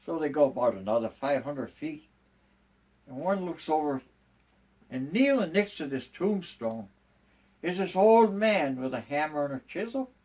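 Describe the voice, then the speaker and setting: An older grandfather spins his jokes at an easy, unhurried pace. His voice sits a bit high for a man, and his delivery stays homespun and folksy. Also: animated, darkish tone, recorded from a distance. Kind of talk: storytelling jokes.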